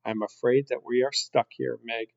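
A man voicing a gentle, kind young princess who speaks softly and tenderly. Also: medium pitch, flat delivery, normal speed, vocal fry, dry recording, close to an everyday voice. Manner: soft-spoken, tender. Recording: dull lo-fi recording.

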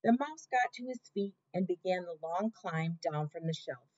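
A woman narrates a storybook chapter with a lively, expressive voice that rises and falls. Her reading is dramatic and attentive to each character. The audio sounds dull and lo-fi. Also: lowish voice, moderate pace.

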